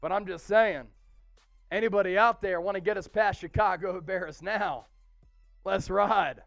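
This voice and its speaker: A man's voice: sits high, unhurried, a bit bright, no room sound, faint music behind. A man hosting a live-stream football watch party, hyped and calling out viewers' names and super chats. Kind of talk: excited live-stream sports chat.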